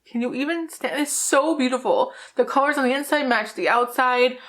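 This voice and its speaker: A woman's voice: sits high, normal speed, a bit bright. A woman from New Jersey chatting through a makeup vlog while tipsy, rambling, giggling and swearing freely. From New Jersey, USA. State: tipsy from drinking. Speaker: makeup YouTuber. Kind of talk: casual vlog chat.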